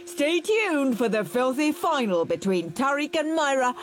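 A brash male TV game show host, as a woman puts him on, with a showy announcer delivery that leaps around in pitch. Heard over a humming background noise. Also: sing-song, measured pace. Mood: hyped.

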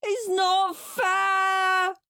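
A woman's voice: animated, unhurried, no echo. A woman voicing a lazy, defiant young boy who howls and wails in a storybook reading. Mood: wailing. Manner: shrill howling and wailing.

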